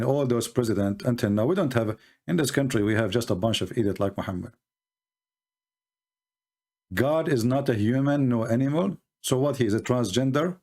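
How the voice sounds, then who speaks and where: On live call-in debate commentary, a man with a medium, slightly mellow voice takes on religion and politics. He uses non-native English and a combative, mocking tone, peppering his talk with rhetorical questions.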